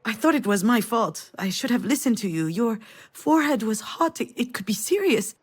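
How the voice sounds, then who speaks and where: A woman's voice: a little high, animated, normal speed, husky. A wistful tired mother. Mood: tender. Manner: soft, intimate storytelling. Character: middle-aged mother, wistful and weary. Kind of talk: game voice acting.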